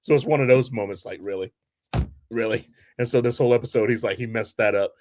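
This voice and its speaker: A man's voice: mid-range voice, very fast, a little hiss or hum. A man co-hosting a casual podcast, telling a story with lots of swearing. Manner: lively storyteller, swears freely. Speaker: podcast co-host. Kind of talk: casual chat.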